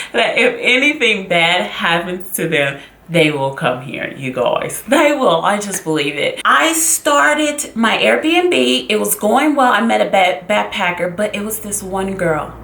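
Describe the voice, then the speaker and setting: An emotional woman confides a personal story straight to her viewers in a vlog. Her voice sits at an ordinary middle pitch. The room around her rings with echo. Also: pushed and bright. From Los Angeles, USA. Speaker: vlogger.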